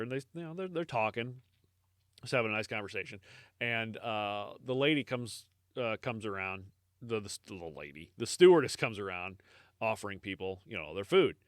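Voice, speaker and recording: An American man hosts a history podcast with a mid-range, fairly bright, smooth voice, recorded clean in the studio with no room sound. He rambles casually, uses lots of fillers, swears offhandedly and laughs at his own jokes.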